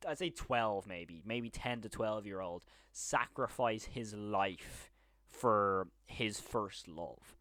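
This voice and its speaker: A man's voice: fairly low pitch, sharp tone, clean tone, no room sound, clean studio sound. A man giving a casual, enthusiastic and rambling review of a TV series, now and then acting out lines from the scenes. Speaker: show reviewer.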